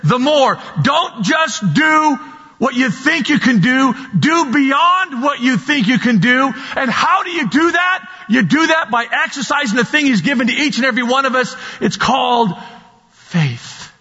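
Male preacher, high husky voice, slow emphatic delivery, long hall reverb, dull recording. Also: animated, sharp tone. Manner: slow, emphatic, repeating key words. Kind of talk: sermon.

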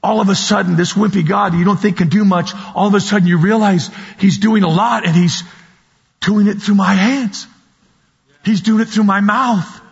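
A man preaching a sermon in a church hall, slow and emphatic, repeating key words. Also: high voice, steady tone, creaky, slightly rough. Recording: dull sound with long hall reverb.

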